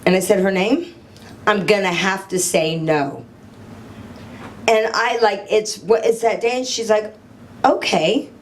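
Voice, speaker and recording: A woman's voice: medium pitch, measured pace, long pauses, slight background noise. A middle-aged woman giving a live motivational talk on stage, telling stories animatedly, acting out dialogue and putting questions to the audience. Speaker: motivational speaker.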